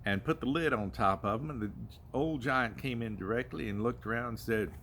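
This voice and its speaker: A man's voice: medium pitch, fairly quick, a bit bright, slight background noise. Folksy older man telling a tale. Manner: folksy, rambling, with fillers. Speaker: grandfather storyteller. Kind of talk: folk tale told aloud.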